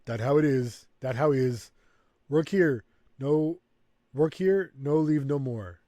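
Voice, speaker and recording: A man's voice: medium pitch, takes it slowly, dark tone, no room sound, natural voice. A man voicing a mistreated orc laborer who speaks in clipped, broken grammar. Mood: sullen.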